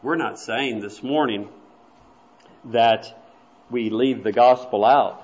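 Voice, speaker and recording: A man preaches to his congregation, telling a story with earnest conviction and slipping into hushed asides now and then. His voice sits at an ordinary middle pitch. The church recording sounds dull and roomy. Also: slow. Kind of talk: sermon. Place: church sanctuary.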